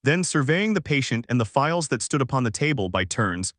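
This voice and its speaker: A man narrates a classic novel for an audiobook in a steady, formal manner. His voice sits at an ordinary pitch. The recording is dry and close, with no room around it. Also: a little fast, dry recording.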